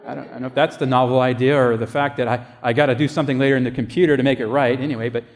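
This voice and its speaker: A man's voice: medium pitch, steady tone, racing. Brief: male pastor, storytelling sermon, casual and conversational, plays out the dialogue, long hall echo. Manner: conversational storytelling, acting out quoted voices.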